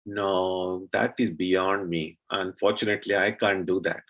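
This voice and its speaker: A calm, gentle god speaks in a lowered, quiet, husky voice, as a male storyteller puts him on. His delivery is slow and reassuring. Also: full character voice, poor audio.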